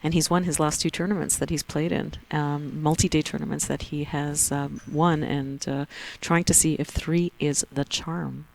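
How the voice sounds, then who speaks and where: Gravelly Canadian woman commentating excitedly. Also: deep voice, moderate pace, hardly any pauses, slight background noise, rough recording. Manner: chatty, excitable, laughs easily. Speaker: game commentator. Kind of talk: live tournament commentary.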